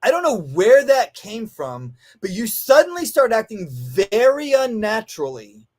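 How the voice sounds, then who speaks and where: Here a guest who trains dogs spins animated stories in a casual chat, swearing often, speaking emphatically, and imitating the people he quotes. His voice is high-pitched, a little slow, and swings hugely in pitch.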